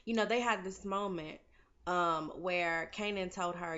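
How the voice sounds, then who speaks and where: A woman's voice: on the low side, unhurried, fairly bright tone, lo-fi sound. A woman vlogger giving a casual, slangy recap of a TV episode and talking straight to her viewers.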